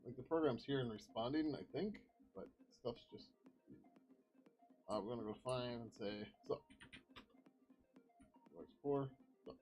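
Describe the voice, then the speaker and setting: A man streaming live as a software developer, rambling casually with lots of ums as he thinks aloud over his work. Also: mid-range voice, normal speed, faint music behind. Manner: rambling, many ums, muttering to himself. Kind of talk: casual thinking-aloud commentary while coding.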